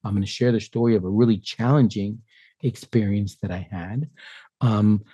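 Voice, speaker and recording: A man in his fifties, a podcast guest telling stories in a lively way and acting out what other people said. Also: fairly low pitch, moderate pace, husky, no echo. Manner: animated storyteller who acts out quoted voices. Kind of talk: conversational interview.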